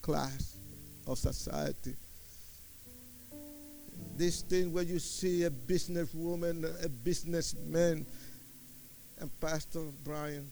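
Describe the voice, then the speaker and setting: Gravelly impassioned preacher man. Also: fairly high pitch, fairly even intonation, slow, pauses often, soft background music. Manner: impassioned, swinging from hushed to shouting. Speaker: preacher giving testimony. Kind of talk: sermon testimony.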